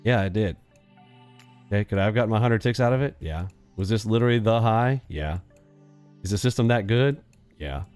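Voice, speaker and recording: A man's voice: fairly low pitch, brisk, long pauses, a little mellow, clear, resonant tone, faint music behind. A man hosting a live trading stream in casual chat, joking and rambling with playful sound effects.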